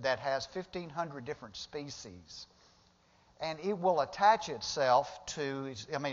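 A male pastor preaching a sermon in a church sanctuary, talking conversationally and rising to emphatic bursts when he retells the story. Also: medium pitch. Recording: dull lo-fi sound with long hall reverb.

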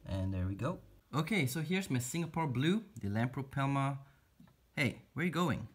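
Pitched in the middle and delivered at a moderate pace, his husky voice is very animated. The reptile and spider keeper vlogs casually about his pets, chatty and teasing the spiders as they get fed.

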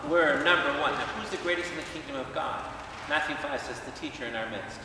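A man, a priest, preaching a lively Bible study to a congregation, asking questions and acting out quotes. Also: fairly high pitch, quick pace, gravelly, a little hiss or hum. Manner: animated, questions the audience, acts out quotes. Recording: echoey hall, speaker far from mic.

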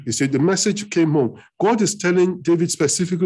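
A man preaching as pastor, emphatic, repeating phrases and climbing higher on key points. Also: brisk, hardly any pauses, darkish tone, husky. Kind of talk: sermon. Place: church hall.

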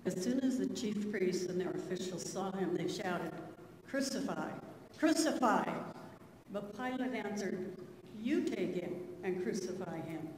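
A woman reading scripture aloud softly and carefully during a church service. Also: medium pitch, moderate pace, slight background noise. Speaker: scripture reader. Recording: distant voice in an echoey church.

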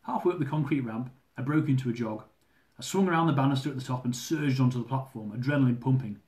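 A man reading his own humorous travel memoir aloud, lively and dramatic, with comic swearing. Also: medium pitch, quick pace. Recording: roomy echo.

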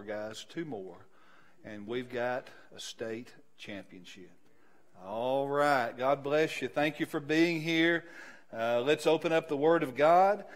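A man, a pastor giving a sermon, building from quiet announcements to loud, slow, emphatic preaching. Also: mid-range voice.

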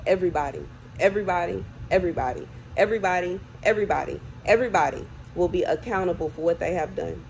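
A woman's voice: on the low side, creaky, a little mellow, a little hiss or hum, rough recording. A woman crying as she urgently warns her viewers, repeating phrases over and over. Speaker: self-described prophet. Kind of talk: tearful warning to viewers. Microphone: phone or camera close up.

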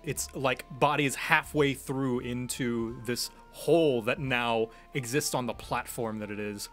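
A man running a tabletop game as game master, describing the action in a relaxed, descriptive way. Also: medium pitch, measured pace, faint music behind.

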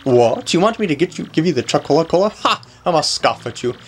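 A man's voice: fairly high pitch, sing-song, fast talker, soft background music. A man reading a game's dialogue aloud, voicing a pompous, wealthy nobleman who is haughty, scornful and grandiose.

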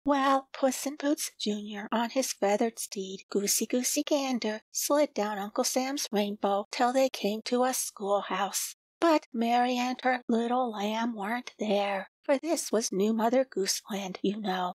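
A woman reading a children's storybook aloud, slowly and gently. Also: a little high, no echo, poor audio. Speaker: audiobook reader. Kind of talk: storybook narration.

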